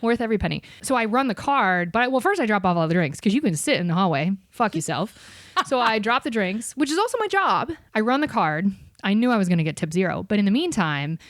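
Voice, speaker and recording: Brief: woman guest, lively storyteller, swears freely, dry close mic. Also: mid-range voice, fast, no room sound. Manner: animated, profane, acts out voices. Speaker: podcast guest. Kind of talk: casual storytelling chat.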